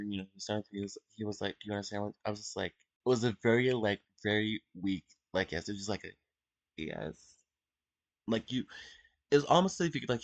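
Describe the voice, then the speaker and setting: Soft-spoken halting teenage guy. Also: fairly low pitch, dry recording. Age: teens. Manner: halting, full of fillers and restarts. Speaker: vlogger. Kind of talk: unscripted personal confession.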